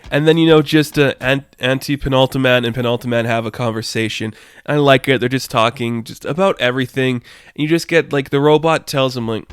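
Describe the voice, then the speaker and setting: A man giving a casual, excited comic book review, rambling and briefly voicing characters as he retells scenes. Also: mid-range voice, a little fast, clear, resonant tone, dry recording.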